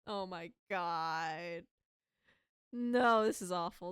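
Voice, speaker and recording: A woman's voice: lowish voice, unhurried, clean tone, no echo, studio quality. A young woman streaming a horror game, reading story text aloud and breaking into pleading, dramatic outbursts at the characters. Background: faint background music.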